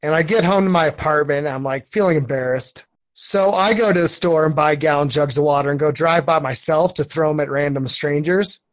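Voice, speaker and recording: A man co-hosting a casual podcast chat, telling rambling anecdotes in a lively way. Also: a little high, fairly quick. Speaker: co-host.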